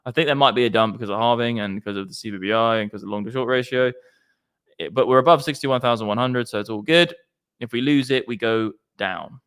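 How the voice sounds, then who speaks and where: Chatty man with a smooth voice. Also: medium pitch, fast talker, a bit bright. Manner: chatty, slangy, swearing. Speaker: crypto stream host. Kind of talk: casual livestream chat.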